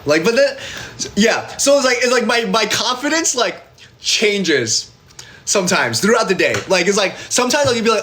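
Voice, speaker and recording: High-pitched with big swings, brisk and pushed bright, this young man's voice carries slight background noise. He's an independent artist on a casual phone livestream for fans, rambling with plenty of fillers and playing both parts in his stories.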